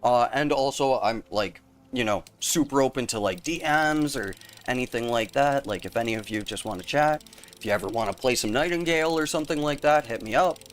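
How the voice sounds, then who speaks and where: A man's voice: medium pitch, animated, fairly quick, a little hiss or hum. A young man live-streaming a game, chatting casually with his viewers and laughing often. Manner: chatty, rambling, laughs often, talks to chat by name. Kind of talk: casual live-stream chat while playing.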